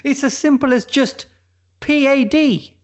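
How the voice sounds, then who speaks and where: A man's voice: very high-pitched, unhurried, muffled recording, background noise. A man co-hosting a podcast, telling a comic story in a rambling way with many restarts. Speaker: podcast co-host. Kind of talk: comedic casual chat.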